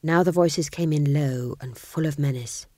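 A woman reading a comic fantasy novel aloud as audiobook narrator, wry and measured, close to the mic. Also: sits low, warm tone, no room sound.

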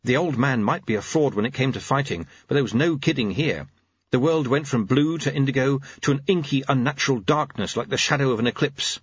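Husky male audiobook narrator. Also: mid-range voice, a little fast, dull audio. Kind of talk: scripted narration.

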